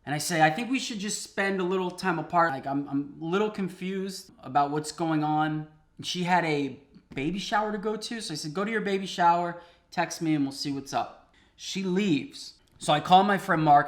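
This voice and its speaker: A man hosting a cooking video, telling a comic story in an animated, conversational way and laughing often, in a home kitchen. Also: fairly high pitch, normal speed. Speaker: host.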